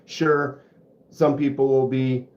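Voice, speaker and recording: A man's voice: medium pitch, level tone, slow. A man hosting a casual livestream and chatting in a rambling, self-deprecating way. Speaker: host of a knife channel livestream. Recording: roomy, slightly dull sound.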